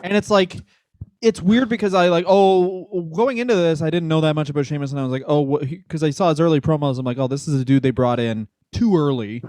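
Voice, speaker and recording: A comedian co-hosting a podcast, chatting loosely and breaking into laughs between jokes. He speaks a bit high for a man, close and dry on the mic. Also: fairly even intonation, fairly quick, darkish tone, dry recording. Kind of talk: casual comedic chat.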